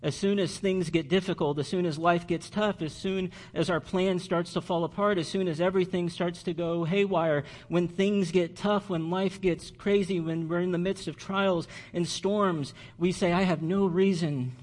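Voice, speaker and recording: A man's voice: high voice, steady tone. Earnest male pastor preaching. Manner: earnest preaching, slows for emphasis. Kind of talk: sermon.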